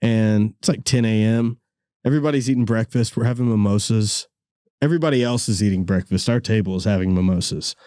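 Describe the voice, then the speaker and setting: A young man hosting a podcast, telling stories in a casual, animated way with lots of laughter and sudden high-pitched bits. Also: a little fast, no echo, clean studio sound. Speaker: podcast host. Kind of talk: casual storytelling chat.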